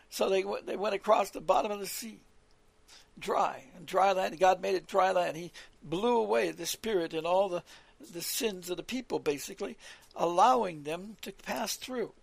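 Gravelly, husky male preacher. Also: sits high, normal speed, dry recording. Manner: earnest, rambling, repeats words and restarts. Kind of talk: scripture teaching on a radio call.

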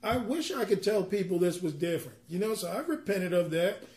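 A man ministering a sermon, reading scripture slowly and then explaining it in an earnest, conversational way with personal asides. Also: sits high, lively intonation, a little mellow. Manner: reads scripture slowly in King James wording.

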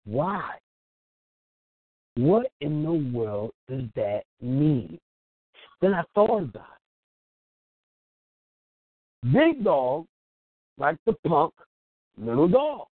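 A man's voice: a little high, no echo. A man on an internet radio show, telling a story with chuckles and playing the other people's voices, then giving advice. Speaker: small business owner on an internet radio show. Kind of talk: animated anecdote and advice. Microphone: phone. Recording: tinny dry phone line.

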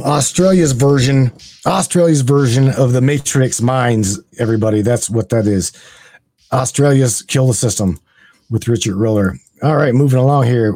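A man's voice: medium pitch, warm tone, breathy edge. A man hosting a call-in show, talking in a fired-up, profane way and tripping over repeated words. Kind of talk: casual call-in chat.

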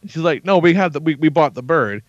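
A man in his thirties tells a profane, animated story on a podcast, acting out every quoted line. His voice sits a little high and swings widely in pitch. The sound is dry and slightly muffled, like lo-fi podcast audio. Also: quick pace, a little hiss or hum. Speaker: podcast host. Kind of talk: casual chat, storytelling.

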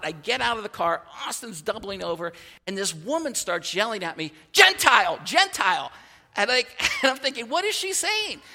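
In a large hall, a high-voiced pastor tells a personal story during his sermon, speaking with animation and frequently starting his phrases over.

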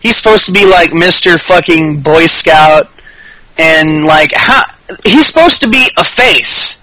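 A man co-hosting a podcast, chatting casually about wrestling in a profane, animated rant. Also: fairly high pitch, measured pace, no echo, poor audio. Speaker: podcast co-host.

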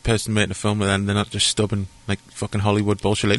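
A man talks at a brisk clip in a fairly low voice, co-hosting a podcast. His chat is loose and sweary, with "like" dropped all through it. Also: completely flat delivery, a bit bright, no room sound. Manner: loose and chatty, swears freely, says "like" often. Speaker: podcast co-host. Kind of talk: casual chat.

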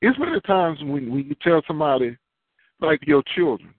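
Here a man delivers a sermon in a conversational tone, asking the audience questions he goes on to answer. His fairly high voice swings widely in pitch at a moderate pace, heard through a dry, tinny phone-line recording without echo.

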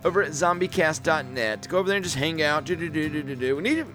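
A man's voice: on the high side, lively intonation, over music. A man hosting a podcast, upbeat and jokey as he signs off the show. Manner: upbeat, jokey, quick to laugh. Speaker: podcast host. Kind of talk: casual podcast chat and sign-off.

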